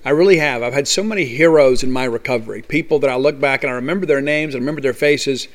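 Man of medium pitch, earnest and conversational, hosts a recovery podcast. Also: quick pace. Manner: earnest, conversational, repetitive fillers. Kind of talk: personal recovery talk.

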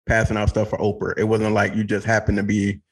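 A man hosting a casual podcast, relaxed and joking, trading stories with his guest. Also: lowish voice, quick pace, slightly rough. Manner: relaxed, joking, laughs easily. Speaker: podcast host.

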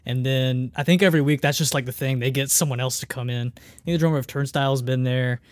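A man's voice: medium pitch, steady tone, quick pace, dry recording. A man co-hosting a casual podcast, laid-back and chiming in with trivia. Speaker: podcast co-host. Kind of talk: casual chat.

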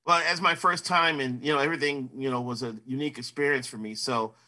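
A man's voice: mid-range voice, steady tone, quick pace, pushed and bright. A man in his fifties, a sportswriter, answering interview questions in a casual, rambling way full of "you know" fillers.

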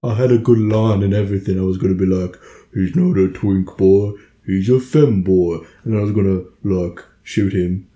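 A man's voice: sits low, moderate pace, mellow, muffled recording. A man playing a tabletop game, chatting in a laid-back, hesitant way. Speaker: player. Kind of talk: casual tabletop game chat. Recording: roomy echo.

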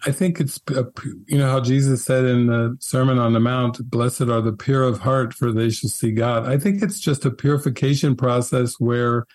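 A middle-aged man, a spiritual teacher being interviewed, telling his story in a gentle, articulate way. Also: medium pitch, fairly even intonation, moderate pace, few pauses, no echo.

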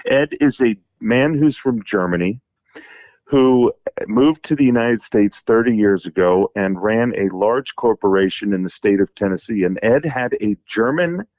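A man's voice: lowish voice, expressive, unhurried, a little mellow, dry recording. A man co-hosting a golf radio show, telling rambling, enthusiastic stories in casual chat.

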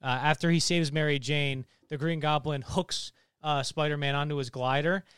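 A man's voice: a little high, fairly even intonation, normal speed, fairly bright tone, smooth, dry recording, studio quality. A young man co-hosting a casual podcast, recounting a favorite movie scene in an enthusiastic, rambling way with many fillers. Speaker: podcast co-host. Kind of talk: casual chat.

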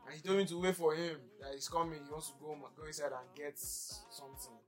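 A young Nigerian man chats on his podcast with an animated, laughing manner and slips of pidgin. His voice sits a little high for a man. Faint music plays behind him. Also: fairly quick. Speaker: podcast co-host. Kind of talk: casual chat.

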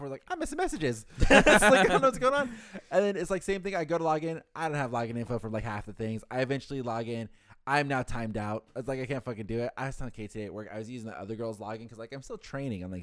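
A man chatting casually with friends, rambling and swearing, with loud laughs. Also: medium pitch, expressive, racing, dry recording. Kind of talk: casual chat among friends.

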